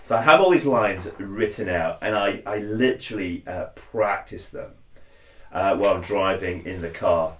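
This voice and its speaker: Speaking at a moderate pace in a slightly bright voice, a cosplayer walks through a voice technique in a relaxed, chatty tutorial. Now and then he breaks into deep impressions of lines as he demonstrates, and the recording has an echoey room sound.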